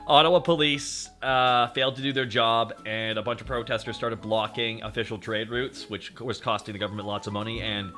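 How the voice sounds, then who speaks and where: A man's voice: medium pitch, steady tone, moderate pace, pushed and bright, soft background music. A young Canadian man with a Canadian accent, streaming a game and chatting to his viewers in a casual, profane, ranting way. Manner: profane, ranting, talks to chat. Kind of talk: casual gaming stream chat.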